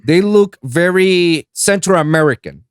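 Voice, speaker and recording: A man's voice: high voice, lively intonation, a little slow, clean tone, no echo, studio quality. A man from Puerto Rico hosting a podcast, telling stories in casual chat, acting out quotes and swearing casually. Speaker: podcast host.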